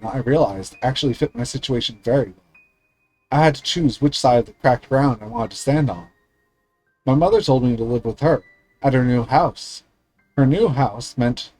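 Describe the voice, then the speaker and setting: A male streamer reads the story narration of a visual novel aloud in an earnest, steady way, stumbling now and then. His voice is mellow and unforced at an average pitch. Quiet game music plays in the background. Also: low-quality recording. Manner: steady, earnest reading with small slips.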